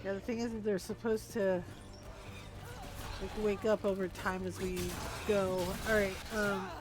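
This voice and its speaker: A woman streaming a video game, commenting casually and thinking aloud in an unhurried way while she yawns. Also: medium pitch, little pitch movement, over music. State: sleepy, yawning.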